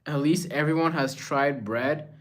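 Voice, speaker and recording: A man's voice: a little high, unhurried. A young man casually chatting on a livestream, reading viewer messages aloud and musing in a laid-back way.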